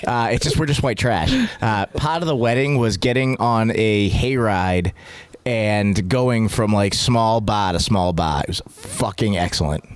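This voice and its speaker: A man's voice: on the low side, measured pace, clean tone, no room sound. A man with a Boston accent telling jokey stories in a casual podcast chat. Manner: laid-back, jokey storytelling. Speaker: podcast co-host.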